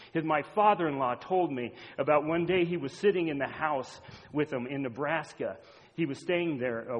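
A middle-aged man preaching a sermon as a pastor, swinging between loud urgent appeals and hushed storytelling. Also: mid-range voice. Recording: echoey hall, dull lo-fi sound.

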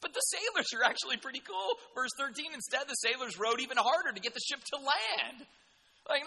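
A male preacher delivering a sermon in an animated, jokey, conversational way. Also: very high voice, normal speed, gravelly, big-room sound.

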